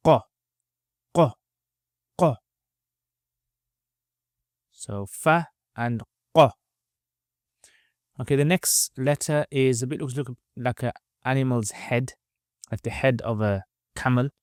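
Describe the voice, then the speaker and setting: A man's voice: medium pitch, no echo, clean studio sound. A man teaching Arabic letters step by step, patiently repeating each sound for learners to copy. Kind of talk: slow step-by-step lesson.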